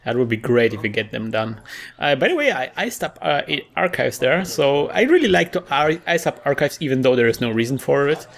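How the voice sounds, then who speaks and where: Gravelly-voiced man commentating a card game. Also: mid-range voice, lively intonation, brisk. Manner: chatty, laughs often, restarts mid-word. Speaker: player commentating his own game.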